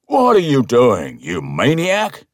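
A man voicing a husky old male airline passenger who shouts for help in alarm. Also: mid-range voice, wildly swooping pitch, takes it slowly, no echo, clean studio sound, voice pushed up, exaggerated voice. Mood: angry. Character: aged male airline passenger, panicked and gruff.

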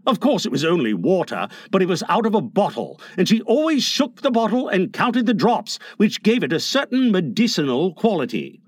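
A man narrating a storybook aloud with an expressive, lilting delivery. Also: high-pitched, moderate pace, few pauses, no echo. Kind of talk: storybook reading.

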